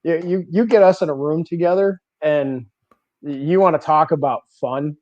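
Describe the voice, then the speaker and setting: On a bowling podcast, a guest bowler with a slightly high voice speaks at a moderate pace as he spins casual, animated stories. He laughs a lot and repeats words, and the audio is dry, lo-fi, and slightly dull.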